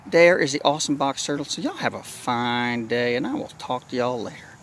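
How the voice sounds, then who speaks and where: A man's voice: medium pitch, lively intonation, brisk, fairly bright tone, slight background noise. A man from Southeast Texas with a Southern accent, casually narrating a nature vlog outdoors and chatting to viewers in a rambling way. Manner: folksy and rambling, talking to viewers. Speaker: nature vlogger. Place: outdoors in marsh near a bridge.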